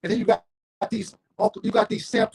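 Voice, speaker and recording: A man's voice: steady tone, creaky, a little mellow, husky, no room sound, rough recording. A man street preaching, reading scripture aloud and calling out to listeners with constant "right?" and "you see?". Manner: reads scripture slowly with big pitch leaps.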